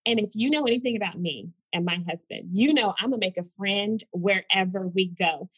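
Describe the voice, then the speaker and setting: A woman from Oklahoma, a mother of school-age sons, telling personal stories in an animated, expressive way as a guest in a conversation. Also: medium pitch, a little fast, breathy edge, no echo, poor audio. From Tulsa, Oklahoma, US. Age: adult mother of school-age sons. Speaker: podcast guest.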